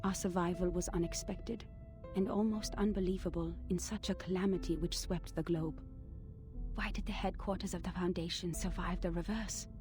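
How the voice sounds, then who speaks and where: A woman voicing the solemn author of a secret report in a game, reading it out in a measured, grave way. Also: lowish voice, fairly even intonation, music in the background, close to an everyday voice.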